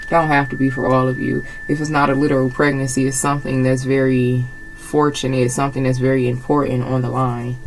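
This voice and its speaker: A woman's voice: extremely low pitch, low-quality recording. A woman giving a casual tarot reading, blunt and emphatic, swearing freely and repeating her phrases. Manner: emphatic, gets agitated. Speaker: tarot reader.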